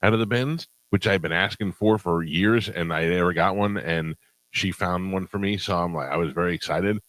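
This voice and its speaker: A man with a very low voice hosts a radio show, spinning a funny story in an easy, amused way. The studio sound is close and dry. He laughs easily as he goes. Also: normal speed, a bit bright, dry recording, low-quality recording. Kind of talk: casual radio chat.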